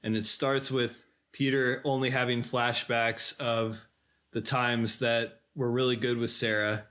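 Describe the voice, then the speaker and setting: A man's voice: mid-range voice, flat delivery, a little slow, fairly bright tone. A man co-hosting a podcast, casually recapping a film in detail with frequent fillers. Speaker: podcast co-host.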